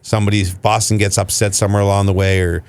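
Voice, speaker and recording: A man hosting a casual sports podcast, steering the chat with lively, jokey remarks. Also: lowish voice, rapid-fire, slight background noise. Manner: lively, steering the talk with jokey wrap-ups. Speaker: podcast host.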